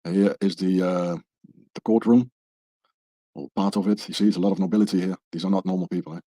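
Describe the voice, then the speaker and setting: Low, husky man tagging lines with "eh?". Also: steady tone, fast talker, warm tone, dry recording. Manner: tags statements with questioning "eh?". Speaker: podcast presenter showing pages on screen. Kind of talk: rambling conspiracy talk.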